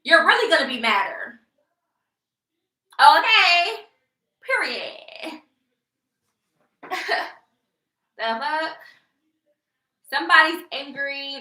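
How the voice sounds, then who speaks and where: Sassy high-voiced young woman, echoey room. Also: sharp tone. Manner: sassy, laughing, mocking. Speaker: vlogger. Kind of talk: casual livestream rant.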